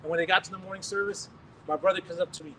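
A high-voiced American man preaching, spinning animated stories with chuckles and restarted phrases. He sounds a little distant from the microphone, and faint background noise sits under his words. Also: rapid-fire. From United States. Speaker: pastor. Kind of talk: storytelling sermon testimony.

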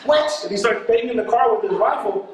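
High-voiced man preaching in an echoey hall. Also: quick pace. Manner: animated, laughing, acts out voices in his story. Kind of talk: sermon testimony storytelling. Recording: echoey and distant from mic, audience noise.

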